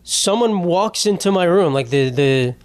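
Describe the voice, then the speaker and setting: Man, comedy podcast host, fairly high voice, profane, rambling, laughs at his own stories, dry close sound. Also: lively intonation, a little slow, dry recording.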